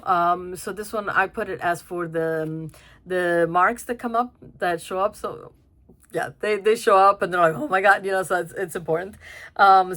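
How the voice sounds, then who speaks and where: A young woman talks through a film review in a relaxed, chatty way. Her voice sits a little low, and she keeps circling back with fillers and restarts. She breaks into laughs as she goes. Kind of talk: casual spoken review.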